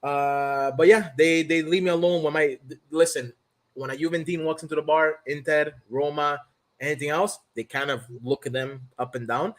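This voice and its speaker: A man's voice: fairly high pitch, moderate pace. A man from Canada who co-hosts a podcast, chatting casually and telling profane stories, acting out the other people's lines. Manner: profane animated storyteller, acts out dialogue. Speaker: podcast co-host. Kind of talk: casual chat.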